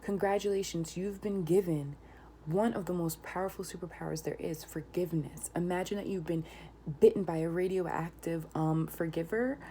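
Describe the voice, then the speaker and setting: A woman with a deep, low voice reads tarot cards aloud. She often sinks into a whisper and then bursts into excited exclamations. A steady hiss of noise sits under the home recording. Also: moderate pace. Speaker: tarot reader. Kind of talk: tarot reading vlog.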